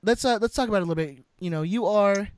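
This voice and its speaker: A man's voice: high voice, very fast, dry recording. A man co-hosting a casual podcast chat, rambling with repeated words and fillers.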